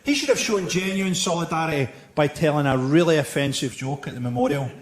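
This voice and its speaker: A man performing a stand-up routine with a deadpan, biting delivery. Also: on the high side, brisk, a crowd in the background. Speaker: stand-up comedian. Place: theatre stage with audience. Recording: live show with loud audience laughter.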